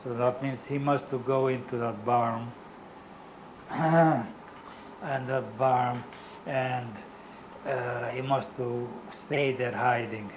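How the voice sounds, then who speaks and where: An older man giving a Holocaust survivor's testimony in an oral history interview, speaking in halting, non-native English and often stopping to search for words. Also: mid-range voice, steady tone, background noise.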